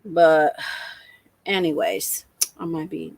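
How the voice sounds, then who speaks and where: A middle-aged woman hosting a crafting live stream, telling a story in an animated, exclamatory way. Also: low voice, takes it slowly, gravelly, dry recording. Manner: animated, exclamatory, acts out the scene.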